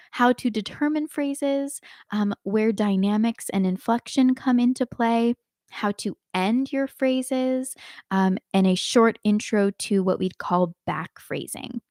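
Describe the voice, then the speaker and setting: A woman giving a live online singing lesson, explaining clearly and demonstrating phrases by speaking and singing them. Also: medium pitch, a little mellow, dry recording, studio quality. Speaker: singing teacher.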